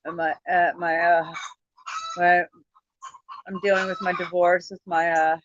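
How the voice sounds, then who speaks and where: A woman's voice: on the low side, little pitch movement, unhurried, lo-fi sound, slight background noise. A woman hosting a casual livestream chat. She sounds tired, swears often and laughs easily. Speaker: livestream host.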